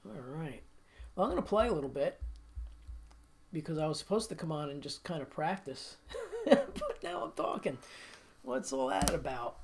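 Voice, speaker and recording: A man's voice: fairly high pitch, very animated, moderate pace, gravelly, long pauses, slight background noise. A middle-aged man hosting a guitar livestream, chatting casually and telling stories with frequent laughter. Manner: chatty storyteller, laughs often.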